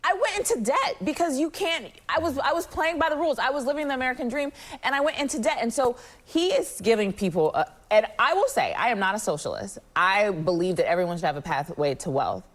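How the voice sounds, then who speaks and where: Female panelist, very animated intonation, passionate and emphatic. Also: fairly high pitch, fast talker, hardly any pauses. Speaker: TV panel commentator. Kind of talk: cable news panel debate.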